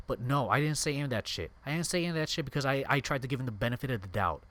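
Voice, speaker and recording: A man's voice: medium pitch, animated, racing, few pauses, pushed and bright. Angry swearing young man streamer. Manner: angry, profane venting. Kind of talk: casual gaming stream rant.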